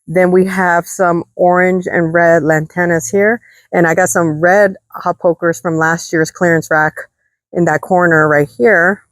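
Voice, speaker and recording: A woman's voice: on the low side, fairly even intonation, unhurried, no room sound. A woman vlogging in her garden, chatty and enthusiastic as she talks to viewers, out of breath from the heat. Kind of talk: casual gardening vlog. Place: outdoor desert garden.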